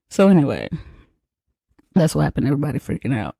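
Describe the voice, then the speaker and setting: A man hosting a podcast, retelling a horror film in a casual, animated way with exaggerated reactions. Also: on the high side, fast, vocal fry, long pauses, dry recording. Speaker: podcast host.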